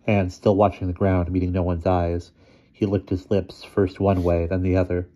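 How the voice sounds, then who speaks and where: A man reading a short story aloud in a steady, measured way. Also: low voice. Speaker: story reader.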